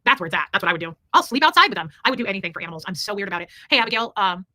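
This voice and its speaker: A woman's voice: medium pitch, expressive, very fast, pushed and bright, no room sound. A woman hosting a livestream, reading super chats in a rambling, emphatic way and swearing freely. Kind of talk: casual livestream chat.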